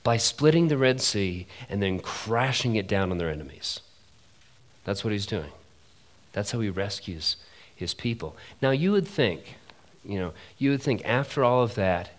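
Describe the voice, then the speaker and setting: A man in his thirties preaching a sermon at a conference, animated and chatty with asides to the listeners. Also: fairly low pitch, normal speed. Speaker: pastor. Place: conference hall.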